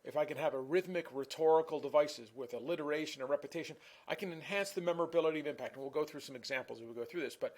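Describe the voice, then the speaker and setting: A man's voice: on the high side, darkish tone. A man giving a recorded online class lecture in a conversational way, often repeating words and restarting phrases. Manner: self-admittedly talks fast.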